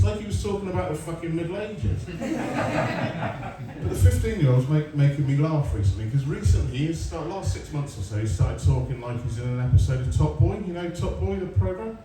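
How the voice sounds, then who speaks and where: Performing stand-up at a comedy club, a man in his forties from England is sarcastic and sweary, trading stories and crowd banter. His slightly high voice is animated and mellow at a moderate pace. He's far from the mic in a roomy live venue, with a little hiss or hum, the crowd, and audience laughter.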